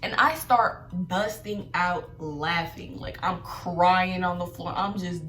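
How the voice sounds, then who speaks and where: A woman's voice: on the low side, slow pace, distant mic. Young woman telling a slangy story in an echoey room. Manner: animated slangy storytelling with laughs. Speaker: vlogger. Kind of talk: storytime vlog. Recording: echoey room, voice off-mic, faint music.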